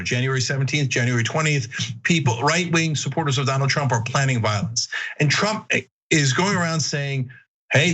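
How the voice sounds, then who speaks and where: A man's voice: on the high side, rough recording. Emphatic man giving political commentary. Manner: emphatic, animated, shouts mockingly at times.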